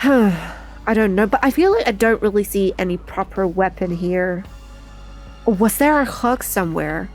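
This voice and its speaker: A woman giving casual let's-play commentary, thinking aloud in an unhurried, chatty way. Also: mid-range voice, animated, a little mellow, soft background music. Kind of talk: casual game playthrough commentary.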